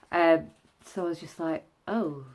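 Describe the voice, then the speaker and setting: A woman's voice: on the low side, darkish tone. A young woman vlogging after nose surgery, stuffy-nosed and short of breath, chatting candidly with many fillers. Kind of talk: casual vlog recovery update.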